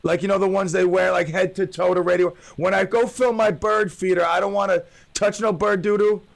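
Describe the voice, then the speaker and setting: A man's voice: high voice, fairly even intonation, fairly quick, creaky. A man hosting his own radio talk show alone, joking and rambling with playful tall tales.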